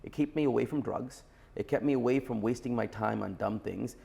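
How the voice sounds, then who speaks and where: A man in his forties speaks as a podcast guest, forceful and blunt in his opinions. His voice carries a heavy gravelly rasp throughout, at a middle pitch for a man. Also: brisk. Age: 40s. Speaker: entrepreneur guest. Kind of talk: podcast interview.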